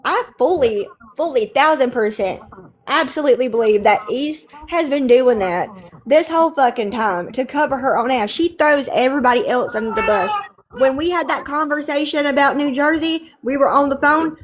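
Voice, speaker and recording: A woman's voice: high voice, moderate pace, a little hiss or hum. A woman on a livestream call, venting in an emphatic, profane, exasperated way. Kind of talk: heated casual livestream chat.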